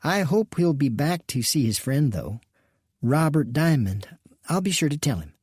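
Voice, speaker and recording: Courteous businesswoman of the saloon, read by a man; low-key, mellow, gentle. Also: sing-song, moderate pace, husky, no echo, clean studio sound. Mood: gracious. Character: gracious woman saloon partner.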